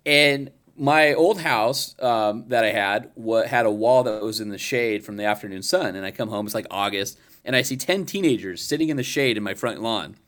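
A man's voice: lowish voice, moderate pace, few pauses, fairly bright tone. A man co-hosting a podcast about trucks, telling stories in casual chat. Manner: chatty storyteller, acts out quoted voices. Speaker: podcast co-host.

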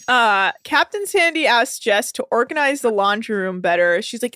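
A woman's voice: a little high, animated, moderate pace, hardly any pauses, pushed and bright, no room sound, clean studio sound. A woman podcast host recapping a reality show in casual, profane, laughing chat.

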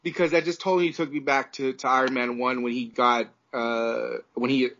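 A man chats as a podcast co-host, mid-pitched and heartfelt. He rambles and restarts his sentences often, and the sound is dull and lo-fi. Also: flat delivery, normal speed, a bit bright. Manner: emotional, rambling with many restarts. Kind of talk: casual chat.

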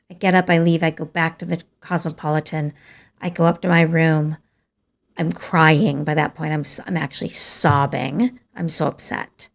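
A middle-aged woman candidly telling a personal story, slowly acting out the dialogue. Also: fairly low pitch. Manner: slow, gravelly, candid, with quoted dialogue.

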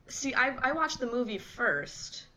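A woman's voice: sits high, sing-song, a little slow, pushed and bright, rough recording. A woman co-hosting a podcast in casual chat, hesitant with many fillers and giggles. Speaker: podcast co-host.

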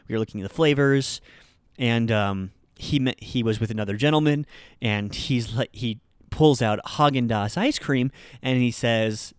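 A man's voice: mid-range voice, normal speed, clean tone, no echo. A man hosting a Japanese-learning podcast, telling a story in a chatty, self-deprecating way with lots of fillers. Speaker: Japanese teacher podcast host. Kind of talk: casual podcast monologue. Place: Utah.

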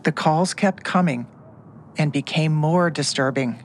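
A woman's voice: low-pitched, unhurried, slight background noise. A woman narrating a true story in first person, scripted.

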